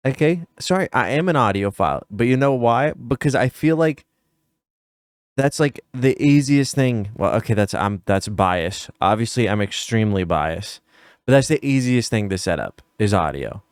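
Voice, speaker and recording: A man's voice: medium pitch, lively intonation, moderate pace, no echo, clean studio sound. A man streaming a casual reaction to a video, nitpicky and emphatic as he talks straight to his viewers.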